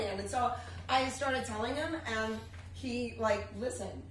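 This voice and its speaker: A woman's voice: fairly high pitch, moderate pace, noisy background. A woman in her thirties performing a chatty, self-deprecating comic monologue on a theater stage, heard on a distant, echoey live recording. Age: 30s. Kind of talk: solo comedy storytelling.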